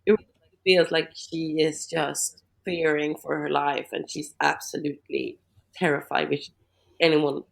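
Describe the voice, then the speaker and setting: Female co-host, lower voice, rambling casual film chat. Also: little pitch movement, a little slow, gravelly. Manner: chatty, lots of "like", thinks aloud. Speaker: podcast co-host.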